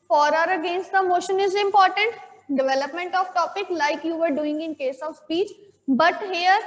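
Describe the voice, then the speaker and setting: A woman with an Indian English accent teaches a class, her voice sitting high. She goes step by step, repeating key points and checking in with "okay?". The room gives her voice a long, echoing reverb. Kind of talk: classroom lecture.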